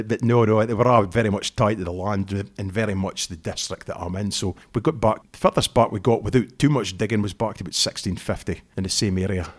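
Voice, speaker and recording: Middle aged scottish guy, lowish voice, rambly storytelling in an interview. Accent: northeast Scottish. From northeast Scotland. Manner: chatty, storytelling, often restarts phrases. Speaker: interviewed fiddler. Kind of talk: relaxed interview chat.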